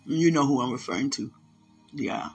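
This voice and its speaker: A man hosting a podcast, speaking an emotional spiritual monologue in a halting way, often repeating himself and sighing. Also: mid-range voice, soft background music. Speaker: podcast host.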